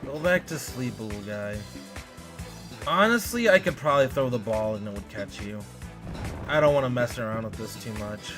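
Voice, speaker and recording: A man streaming a game live, excitable and exasperated, talking to his chat and to the game. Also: medium pitch, moderate pace, over music.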